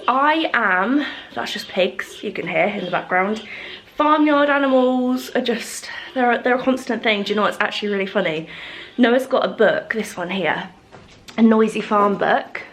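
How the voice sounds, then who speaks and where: A woman's voice: a little high, slight background noise. A young woman chatting casually to camera about her home and family, full of fillers and gushing asides. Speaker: lifestyle vlogger. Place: home with farm animals nearby.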